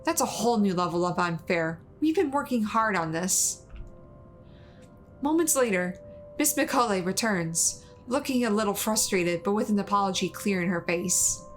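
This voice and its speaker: A woman streamer reading the first-person narration of a horror visual novel aloud in a steady, even voice. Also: mid-range voice, normal speed, soft background music.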